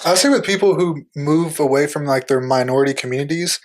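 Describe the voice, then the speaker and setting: A man's voice: fairly high pitch, fairly quick. Man asking a thoughtful question. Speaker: podcast co-host. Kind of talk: casual discussion, posing a question.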